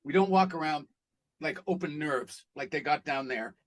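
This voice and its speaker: Male actor guest, a lively and blunt storyteller with a slightly high voice. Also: moderate pace. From Canada. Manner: animated storyteller, blunt and profane. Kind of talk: casual interview chat.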